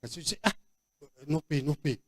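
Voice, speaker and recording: A man's voice: fairly high pitch, animated, fairly quick. A man with a Nigerian accent preaching a sermon as pastor, emphatic and repetitive, with frequent stop-start restarts. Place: church convention hall.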